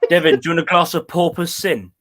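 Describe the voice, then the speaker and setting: A man chatting in an excitable, jokey way on a call. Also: fairly high pitch, fast talker, no echo. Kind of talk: casual chat on a call.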